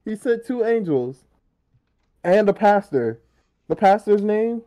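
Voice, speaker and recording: High-voiced young man, teasing banter. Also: animated, slow pace, warm tone. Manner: teasing storyteller, quotes himself. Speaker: podcast co-host. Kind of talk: casual podcast chat.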